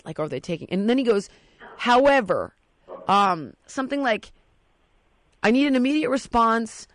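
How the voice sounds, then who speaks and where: Woman host telling a story casually, animated, dry close sound. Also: medium pitch, dry recording. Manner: animated, acts out quotes.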